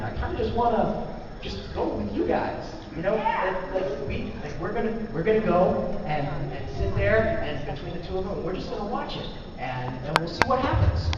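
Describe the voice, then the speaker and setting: A man telling funny stories to a convention audience in a casual, animated way, recorded from far off in a large hall. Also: high voice. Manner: animated, joking storyteller. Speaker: author speaking at a convention panel. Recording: echoey hall recorded from far off, dull and noisy.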